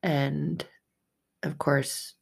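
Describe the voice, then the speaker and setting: Low gravelly woman telling a painful story. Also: level tone, extremely slow. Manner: grows tearful and raw, swings from hushed to loud. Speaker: personal storyteller. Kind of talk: emotional personal story.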